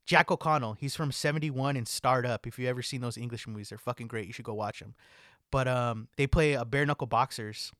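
A young man co-hosts a podcast in a relaxed, casual chat, swearing a lot and saying "like" constantly. His mid-range voice is a little fast with a fairly bright tone, recorded dry on a close mic.

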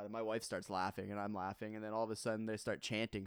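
A man's voice: on the low side, little pitch movement, fast, few pauses, smooth, no room sound, studio quality. A man in his thirties, a podcast co-host, telling a family story in casual chat and laughing often.

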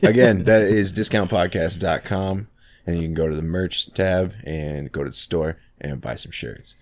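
Man, very low voice; loose, cursing podcast co-host for casual chat. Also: moderate pace. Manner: profane, animated storyteller.

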